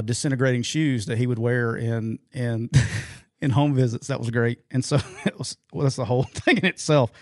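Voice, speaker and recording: A man's voice: mid-range voice, dry recording. A middle-aged man co-hosting a sports podcast spins a long anecdote, circling back with plenty of ums and restarts. His voice sits in an ordinary middle register, recorded close and dry with no room around it. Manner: rambling anecdotal storyteller, many fillers and restarts. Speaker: podcast co-host. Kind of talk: casual sports podcast storytelling.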